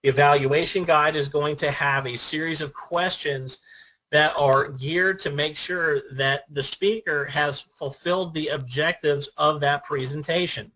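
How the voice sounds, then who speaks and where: A man's voice: a little high, steady tone, a little slow, bright, forceful tone, muffled recording. A man giving an instructional talk as a speech trainer, earnest and methodical, laying out his points by number.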